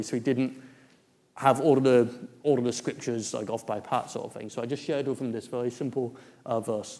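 A man's voice: medium pitch, dark tone. A man, preaching a testimony story in a church hall with many fillers and restarts. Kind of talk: sermon testimony.

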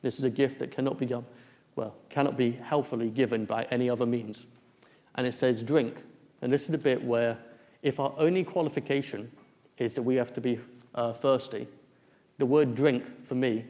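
A man's voice: mid-range voice, warm tone. Man preaching in a hall. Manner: storytelling, with many restarts and fillers. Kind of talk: sermon testimony.

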